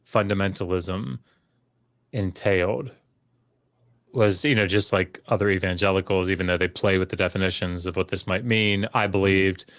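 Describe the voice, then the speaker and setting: This podcast guest, a middle-aged scholar, has a low voice and tells a long, casual story with many fillers and restarts, getting more animated when quoting what others said. He keeps a steady tone at a moderate pace, a bit bright. The recording is dry and close, free of room sound.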